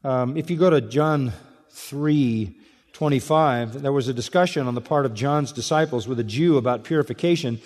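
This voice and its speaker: A man's voice: mid-range voice, moderate pace, darkish tone. A man preaching an expository sermon, emphatic and repetitive, firing off rhetorical questions to his listeners. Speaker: pastor. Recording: long hall reverb.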